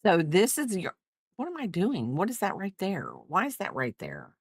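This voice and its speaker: While crocheting on a livestream at home, a woman chats casually in a rambling, self-mocking way, laughing often and talking to her viewers and her dog. Her voice is low and husky with huge pitch swings and a moderate pace, captured in clean studio sound with no echo.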